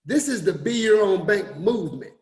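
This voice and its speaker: A man giving a motivational talk to an online group, repeating his points and swinging between loud emphasis and quiet drops. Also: high-pitched, animated, normal speed. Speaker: forex coach and motivational speaker.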